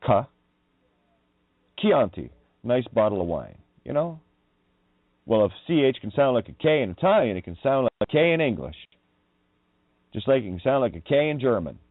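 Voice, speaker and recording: Male radio host, low and animated, rambling and emphatic; tinny phone-line sound. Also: dry recording. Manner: wandering, emphatic, swears when riled. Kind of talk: rambling monologue on word meanings.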